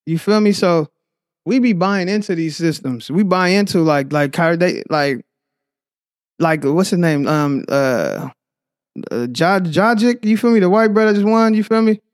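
A young man from the Bay Area with a Bay Area accent, talking in a slangy, rambling, animated way as a podcast guest. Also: high-pitched, normal speed, no echo, studio quality. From San Francisco Bay Area. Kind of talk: casual chat.

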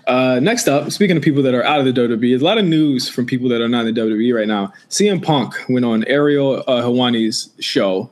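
A man's voice: medium pitch, animated, quick pace, few pauses, darkish tone. A man co-hosting a wrestling podcast, chatting casually, laughing and swearing, often restarting his sentences. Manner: laughing, profane, rambling with restarts. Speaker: podcast co-host. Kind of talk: casual chat.

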